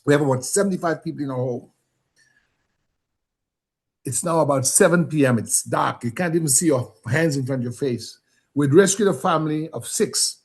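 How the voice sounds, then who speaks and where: A man from Dominica in a conversational interview, telling family stories and growing animated when he quotes others. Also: on the high side, moderate pace, husky.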